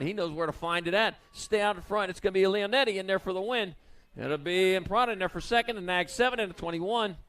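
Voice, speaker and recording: A man announcing BMX races live at an outdoor track, calling the riders with playful nicknames in a quick, folksy manner. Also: high-pitched, fairly bright tone, smooth. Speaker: race announcer. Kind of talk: live race commentary.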